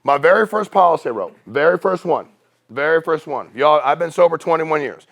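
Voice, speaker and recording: A man's voice: a little high, a little fast, creaky. A middle-aged man telling stories casually to a business meeting, acting out the people in them. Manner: casual, animated storyteller acting out quoted voices. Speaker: company CEO speaking at a sales meeting. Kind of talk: storytelling talk to a business audience.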